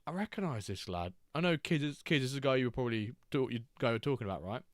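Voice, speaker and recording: A man hosting a live stream. He talks in a chatty, jokey way at a middling pitch, picking up on the chat as he goes. His voice is recorded close and dry, with no room around it. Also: expressive, quick pace, no echo.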